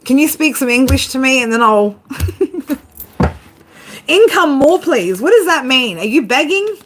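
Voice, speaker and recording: A woman's voice: high-pitched, expressive, measured pace. Woman doing a tarot reading, swears a lot, keeps laughing, voice bouncing up and down, noisy clicky background. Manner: swears freely, laughs often, talks to viewers directly. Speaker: tarot reader. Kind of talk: casual spoken tarot reading.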